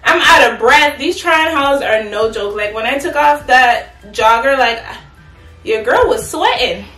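Chatty high-voiced young woman in a roomy space. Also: lively intonation, unhurried, pushed and bright, soft background music. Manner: chatty, playful, talks straight to viewers. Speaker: fashion vlogger. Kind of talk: casual try-on haul chat. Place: at home, in an echoey room. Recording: roomy, from a distance.

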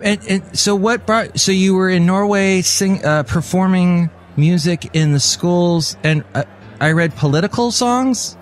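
A man hosting a podcast interview, chatty and quick to go off on tangents. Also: high voice. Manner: chatty, eager to share tangents. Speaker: podcast host. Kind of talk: casual interview chat.

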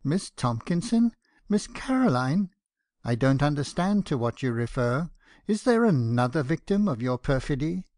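Man voicing a stern indignant father, middle-aged, accusing, severe, raised pitch, louder, dry audiobook sound. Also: very animated, normal speed, no room sound. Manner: severe, accusing, rising to outbursts. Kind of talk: audiobook character voice.

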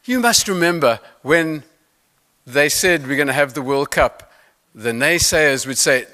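Animated male keynote speaker. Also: a little high, normal speed. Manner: animated storytelling with playful asides. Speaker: motivational speaker. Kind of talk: keynote talk to an audience.

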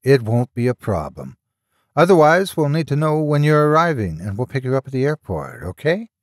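A man voicing an excitable, cheerful man on the phone who talks in a lively sing-song. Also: medium pitch, normal speed, no echo, clean studio sound, lightly acted. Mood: reassuring.

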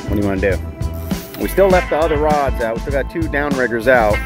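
A man's voice: medium pitch, animated, quick pace, over music. A man hosting a fishing vlog, filming with a handheld camera out of doors on a small boat at sea, giving chatty, self-teasing running commentary. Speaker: fishing channel host. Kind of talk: casual on-the-spot vlog narration.

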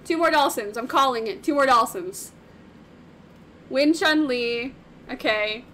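A young woman streaming a game, squealing with excitement and repeating phrases over and over. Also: sits high, a little slow, a little hiss or hum. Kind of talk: excited live-stream commentary. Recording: slightly off-sounding stream audio.

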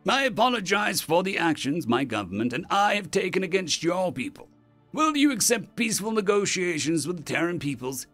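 A man playing a ruthless human fleet admiral who speaks with cold menace and raises his voice to shouting. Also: high voice, big pitch swings, a little fast, soft background music, pitched above the performer's own voice.

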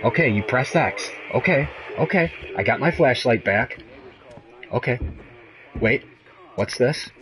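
A man's voice: mid-range voice, lively intonation, unhurried, pauses often, a crowd in the background. A young man commenting on a horror game, frightened and swearing as he talks to himself. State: shaking with fear. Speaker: gamer.

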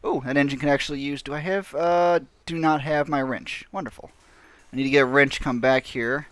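A man's voice: mid-range voice, fairly even intonation, a little fast. A man giving casual, rambling gameplay commentary, mocking himself and laughing often. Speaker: gaming channel host.

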